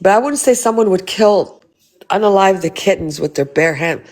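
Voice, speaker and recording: A woman's voice: medium pitch, lively intonation, moderate pace, a little mellow. A woman hosting a casual livestream, blunt and swearing freely as she asks rhetorical questions. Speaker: livestream host.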